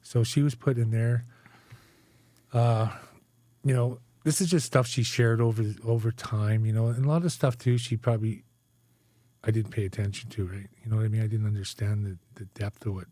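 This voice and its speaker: A man's voice: lowish voice, steady tone, moderate pace, warm tone, no room sound. A man in his forties from Canada, a guest telling his life story in a candid interview, tagging his sentences with "right?" and "eh?". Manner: conversational, frequent "right?" and "eh?" tags.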